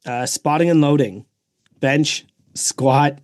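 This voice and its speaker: A man's voice: a little high, takes it slowly, darkish tone, no echo, studio quality. A man co-hosting a podcast in casual chat, laughing often and swearing freely. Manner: laughing, profane. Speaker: podcast co-host.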